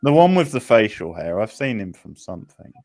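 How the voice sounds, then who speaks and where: A man's voice: on the low side, very animated, a little fast, a little mellow, no echo, clean studio sound. A man co-hosting a film watchalong in casual, rambling chat full of filler words. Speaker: watchalong co-host.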